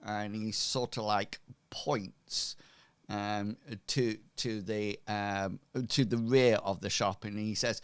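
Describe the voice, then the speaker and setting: A male game master narrates a tabletop scene slowly and hesitantly, often pausing on ums and restarting his sentences. His voice is somewhat low and smooth. The recording is dry, with no room sound. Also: steady tone, dry recording.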